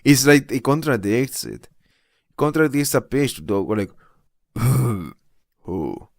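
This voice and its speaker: A man's voice: medium pitch, animated, slow, creaky, dry recording. A young man streaming, chatting casually and with disbelief while reading posts aloud, laughing often.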